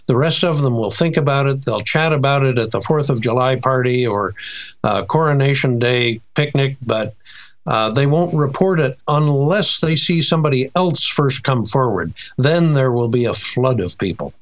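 Older American man, interview guest, measured and precise with frequent fillers, mid-range voice. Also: medium pitch. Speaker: director of a UFO reporting center, interview guest. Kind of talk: recounting a sighting in an interview.

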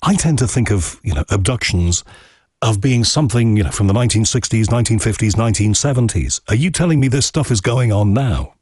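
A man hosting an interview asks long, probing, skeptical questions. His husky voice moves lively up and down in pitch. The sound is dry and close. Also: a little fast, dry recording. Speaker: interview host. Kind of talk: conversational interview.

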